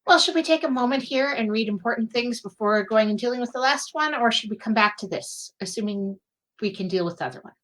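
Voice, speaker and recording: A woman's voice: a little high, fast, fairly bright tone. A woman playing a tabletop game who speaks eagerly and describes her character in the third person. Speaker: player. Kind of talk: casual tabletop play.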